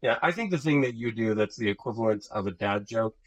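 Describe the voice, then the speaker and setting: A man in his thirties co-hosting a parenting podcast, talking in an animated, rambling way in casual chat. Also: lowish voice, quick pace, highs cut off. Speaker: podcast co-host.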